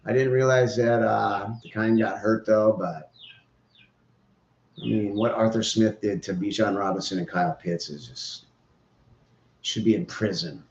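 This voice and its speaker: A man's voice: on the low side, fairly even intonation, unhurried, long pauses. A man hosting a podcast, giving opinionated, rambling, joking sports commentary. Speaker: podcast host. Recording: roomy, dull lo-fi sound.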